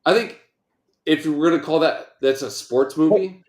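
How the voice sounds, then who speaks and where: A man's voice: fairly high pitch, normal speed, echoey room. A man co-hosting a podcast, rambling and joking with plenty of swearing. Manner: rambling, profane, jokey. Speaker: podcast co-host. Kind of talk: casual chat.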